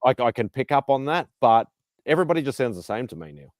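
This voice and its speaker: A man hosting a casual online chat show, rambling and swearing casually between quick laughs. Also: mid-range voice, very animated, no echo, clean studio sound. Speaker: podcast host.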